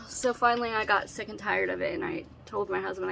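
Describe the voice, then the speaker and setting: Tearful gravelly-voiced woman. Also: mid-range voice, fairly even intonation, background noise. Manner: earnest, emotional, halting with restarts. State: tearful, holding back crying. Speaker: vlogger telling her own story. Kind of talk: personal storytelling to camera.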